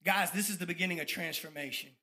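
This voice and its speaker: A man, giving a fired-up testimony sermon about his ministry, at times dropping to soft reflective tones. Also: sits high, fast talker. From Tampa, Florida. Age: 30s.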